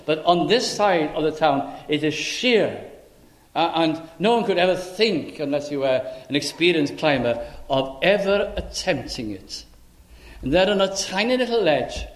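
A man preaching a sermon, telling stories earnestly with halting fillers. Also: on the high side, reverberant. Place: chapel.

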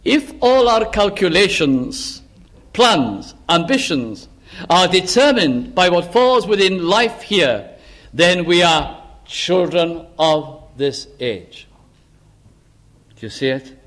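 A man's voice: high voice, sing-song, slow, fairly bright tone. A man preaching a sermon, earnest and building to impassioned appeals.

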